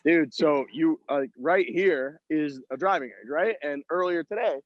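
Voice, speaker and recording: This slightly high-voiced man co-hosts a podcast and is phoning in from outside at a golf event, telling profane, self-deprecating golf tales in a loose, rambling chat. He speaks at a measured pace. The recording sounds dull and lo-fi, with hardly any room echo.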